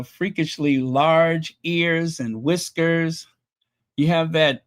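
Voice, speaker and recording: A man hosting a casual livestream, chatting with viewers in a mocking, rambling way full of pauses and fillers. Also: on the high side. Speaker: channel host reading super chats.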